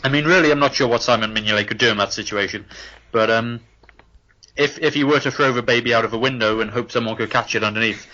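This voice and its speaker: A man co-hosting a comedy football podcast, playing a deadpan, overly polite and formal phone-in presenter. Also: mid-range voice, fast, dull audio. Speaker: podcast co-host.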